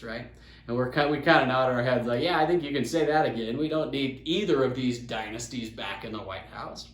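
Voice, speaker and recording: A young man from Utah, hosting a podcast and telling a story in a casual, animated way, acting out the quotes. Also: medium pitch. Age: young adult. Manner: animated, chatty, acts out quotes. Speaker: podcast host. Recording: roomy echo.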